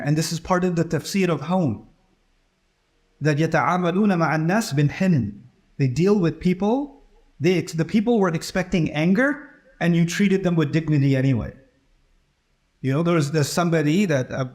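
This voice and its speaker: A man with a fairly high voice delivers a sermon. He talks in a relaxed, conversational way and acts out the people in his stories. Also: fast. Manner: conversational, acts out quoted dialogue. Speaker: preacher.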